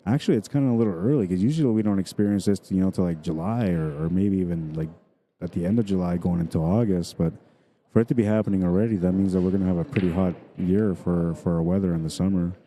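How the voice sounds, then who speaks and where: A man's voice: low-pitched, quick pace, mellow. A middle-aged man from Manitoba with a Canadian accent, rambling casually as a pool stream commentator and reading viewer comments aloud.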